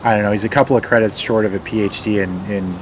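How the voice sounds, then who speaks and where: A man who brews craft beer, explaining in a relaxed, casual way, often hesitating with fillers. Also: fairly low pitch, very fast, a little hiss or hum.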